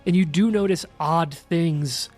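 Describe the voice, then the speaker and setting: A man's voice: on the high side, unhurried, darkish tone, soft background music. A man narrating as game master of a tabletop role-play, rambling with many fillers and restarts. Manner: rambling, filler-heavy, laughs easily.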